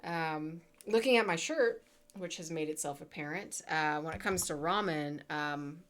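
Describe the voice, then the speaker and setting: A woman's voice: deep voice, unhurried, fairly bright tone. A woman in her twenties chatting casually with her live chat as a streamer, full of fillers and playful asides.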